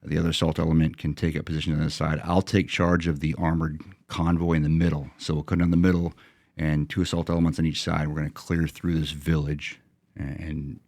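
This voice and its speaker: A man's voice: extremely low pitch, level tone, a little fast, darkish tone, no room sound, clean studio sound. A middle-aged American man, a former Green Beret, telling a combat story in a blunt, matter-of-fact way, rambling with restarts. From United States. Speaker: retired Green Beret sergeant major, guest.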